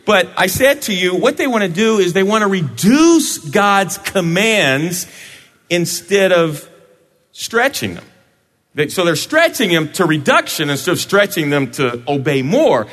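In a church sanctuary, a male pastor delivers his sermon playfully and animatedly, joking with his people at an unhurried pace. His fairly high voice swings widely up and down, and a long hall reverb trails every phrase.

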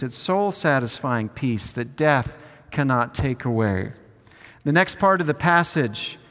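A man preaching a sermon in an earnest way, slowing down on key phrases and leading the congregation to repeat lines after him. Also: fairly high pitch, fairly bright tone, in a large hall. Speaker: pastor.

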